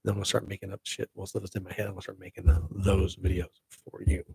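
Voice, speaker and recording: A middle-aged man hosting a casual solo show, chatting in an excitable, rambling way with laughing asides. His voice is gravelly and a little husky, at an ordinary middle pitch. The sound is dry and close. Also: quick pace, no room sound. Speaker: podcast host.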